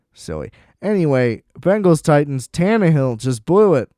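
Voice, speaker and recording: A man's voice: a little high, mellow, no echo, clean studio sound. A man hosting a podcast, ranting about football in a blunt, profane, sarcastic way. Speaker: podcast host. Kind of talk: ranting sports commentary.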